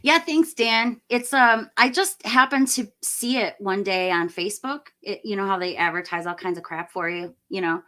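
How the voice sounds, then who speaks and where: A middle-aged woman hosting a live stream, chatting enthusiastically and rambling with fillers, her voice slightly hoarse as she loses it. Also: mid-range voice, normal speed, few pauses, bright, forceful tone. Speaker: livestream host. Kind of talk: casual live-stream chat.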